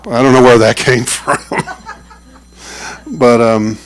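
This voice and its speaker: A chatty man opens his turn at a community meeting in a joking, self-deprecating way. His voice is relaxed and conversational. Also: medium pitch, takes it slowly, clear, resonant tone, rough recording. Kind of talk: self-deprecating talk at a town hall.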